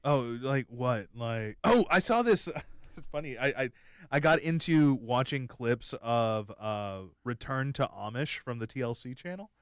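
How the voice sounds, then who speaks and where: Rambling, jokey young man, smooth dry voice. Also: medium pitch, lively intonation, measured pace, dry recording. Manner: rambling, jokey, many restarts. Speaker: podcast host. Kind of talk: casual chat.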